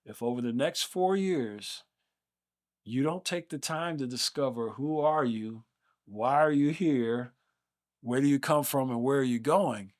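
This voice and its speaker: A man acting out an older male college professor who loudly fires challenging questions at new students. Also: medium pitch, a little slow, natural voice. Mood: solemn.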